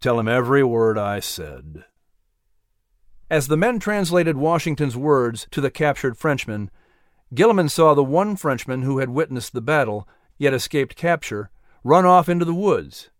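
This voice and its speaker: A man's voice: a little high, expressive, normal speed, no echo, studio quality. Man narrating a dramatic storybook tale.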